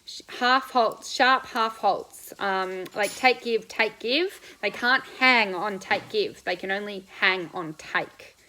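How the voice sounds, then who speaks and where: In a rough recording with a little hiss or hum, a woman with a mid-range, bright, forceful voice hosts a casual live Q&A stream from a coach seat. She eats breakfast while answering viewers, bubbly and chatty, laughing quickly and rambling loosely.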